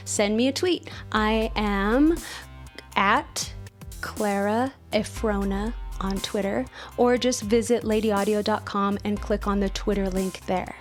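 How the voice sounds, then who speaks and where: A woman's voice: mid-range voice, slow. Woman, podcast host, casual chat, joking asides, faint music behind. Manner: chatty, self-mocking asides.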